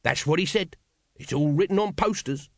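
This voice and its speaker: A man voicing a shifty male street hawker in an audiobook, with a husky, gravelly voice and wheedling sales patter. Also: on the high side, animated, normal speed, no echo, clean studio sound, pitched above the performer's own voice. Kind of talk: audiobook character voice.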